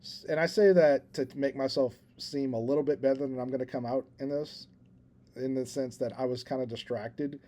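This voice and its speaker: A man co-hosts a casual podcast, telling a story at length. His voice is mellow and relaxed, and he mocks himself and laughs along as he talks. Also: medium pitch, normal speed. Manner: rambling storyteller, self-deprecating, laughs at himself. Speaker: podcast co-host. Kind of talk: casual chat.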